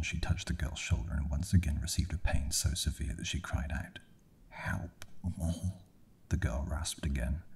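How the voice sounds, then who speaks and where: A man whispering a bedtime horror story in a slow, hushed ASMR reading. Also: very deep voice, vocal fry, a little hiss or hum.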